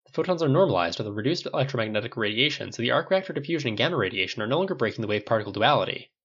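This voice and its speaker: A man voicing a calm male scientist who explains in a measured, technical way. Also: mid-range voice, husky. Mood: focused. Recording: dull lo-fi recording.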